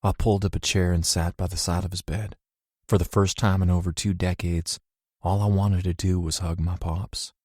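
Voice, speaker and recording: A man reading first-person scripted narration in a measured, emotional way. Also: low voice, level tone, warm tone, slightly rough, no echo, clean studio sound. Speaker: audiobook narrator.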